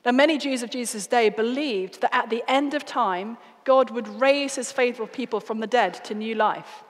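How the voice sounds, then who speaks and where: A British woman giving an evangelistic talk, telling stories in an earnest, expressive way. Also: fairly high pitch, normal speed. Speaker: guest speaker. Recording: reverberant hall.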